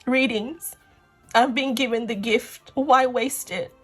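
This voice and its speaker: A woman's voice: fairly high pitch, steady tone, slow pace, fairly bright tone, slightly rough, faint music behind. A woman giving a pick-a-card tarot reading, gushing and effusive, tearful with emotion as she talks to her viewers. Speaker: tarot reader.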